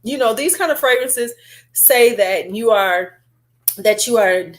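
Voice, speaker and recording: A woman vlogger in casual, chatty beauty-review talk, rambling with fillers and asides. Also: fairly high pitch. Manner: chatty and animated, drawn-out fillers.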